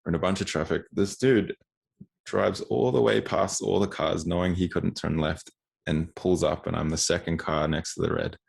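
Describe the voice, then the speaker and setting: A man's voice: low-pitched, fairly even intonation, normal speed, creaky, slightly rough. A man in his twenties, a podcast guest, telling a story casually with frequent restarts and acted-out quotes. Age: 20s.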